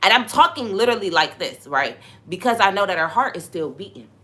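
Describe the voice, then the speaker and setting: A young woman hosting a podcast, talking in a relaxed, conversational way about faith and sometimes dropping into a hushed voice when she tells a story. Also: medium pitch, brisk. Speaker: podcast host. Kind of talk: casual spiritual talk.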